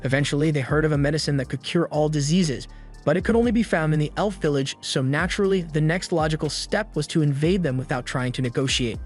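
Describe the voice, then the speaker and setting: A man's voice: a little high, fast talker, soft background music. A man giving a scripted, matter-of-fact narration of an anime plot. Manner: steady, matter-of-fact storytelling. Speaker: recap narrator.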